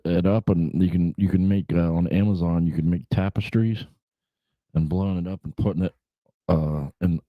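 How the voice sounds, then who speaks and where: A man's voice: low voice, no room sound, highs cut off. A man hosting a casual livestream chat show, rambling and laid-back, swearing freely, with lots of "you know" fillers. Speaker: podcast host.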